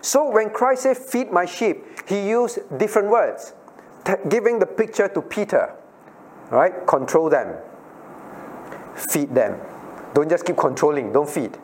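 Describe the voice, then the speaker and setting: A man with a fairly high voice leads a Bible study as the pastor, calling on listeners by name and asking them questions. He repeats his key phrases over and over. A faint hiss of room noise sits behind him. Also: expressive, measured pace, pauses often. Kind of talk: interactive Bible study teaching.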